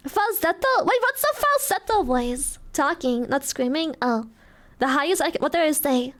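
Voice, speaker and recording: A young adult woman streaming casually, giggly and swearing a lot as she excitedly thanks donors. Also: high voice, normal speed. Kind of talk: casual live-stream chat.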